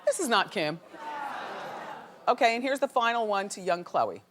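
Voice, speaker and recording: A woman talk show host giving an animated, opinionated gossip monologue to a studio audience. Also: medium pitch, normal speed, slight background noise.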